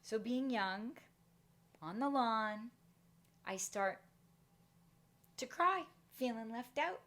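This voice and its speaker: A woman's voice: on the high side, slow pace. A middle-aged woman giving a motivational talk, telling a personal story and acting out the voices in it. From Canada. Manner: animated, acts out voices in her story. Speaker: motivational speaker.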